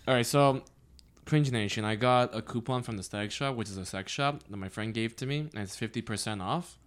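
A young man hosting a casual podcast chat, excitable and quick with jokes. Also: lowish voice. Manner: excitable, quick jokey interjections. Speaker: podcast host.

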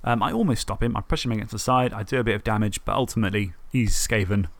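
A man on a podcast, telling the story of a tabletop game match in a lively way, swearing and acting out his own thoughts. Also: fairly low pitch, fast, vocal fry. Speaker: podcast co-host. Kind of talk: casual tabletop game recap.

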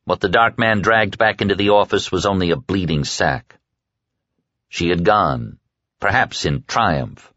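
A man narrating a horror audiobook in a dramatic, expressive storytelling manner. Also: low voice, measured pace, no room sound, muffled recording. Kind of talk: scripted narration.

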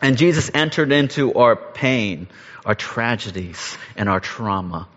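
A man's voice: mid-range voice, animated, unhurried. Male pastor, earnest sermon delivery, muffled recording in a big reverberant room. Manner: earnest, rises to emphasis then drops soft.

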